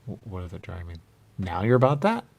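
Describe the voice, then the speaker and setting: Gravelly low-voiced man rambling. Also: big pitch swings, a little fast, a little mellow. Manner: rambling, repeats "there you go", jumps into silly voices. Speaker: radio show host. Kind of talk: rambling comic chat.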